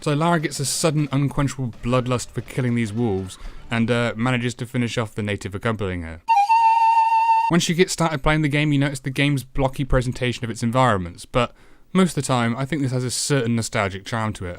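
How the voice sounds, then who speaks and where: A man's voice: mid-range voice, dry recording. A man narrating a retro game review in a sarcastic, profane way, swearing often.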